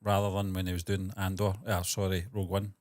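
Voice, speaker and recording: A man co-hosting a podcast, chatting casually with dry jokes and quick questions. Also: low-pitched, level tone, darkish tone, slight background noise. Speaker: podcast co-host. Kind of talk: casual chat.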